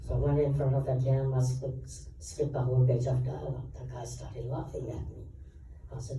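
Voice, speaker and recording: A man with a dark, mellow voice, a guest actor spinning lively anecdotes on a panel and acting out the lines of everyone in his stories. He is heard from across a big echoey convention hall with a faint hum underneath. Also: medium pitch, a little fast. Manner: animated anecdotes, acts out quoted dialogue. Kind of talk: storytelling Q&A answers. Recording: echoey hall, taped from far off.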